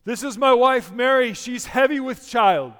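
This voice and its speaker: A man voicing a small boy playing Joseph in a church play, in a put-on English accent, high and loud. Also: a little slow, in a large hall. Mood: earnest.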